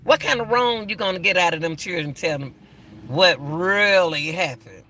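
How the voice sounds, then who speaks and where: A man's voice: high voice, moderate pace, pushed and bright, slight background noise. An older man giving casual, emphatic commentary as a channel host, often repeating himself. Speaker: YouTube commentator.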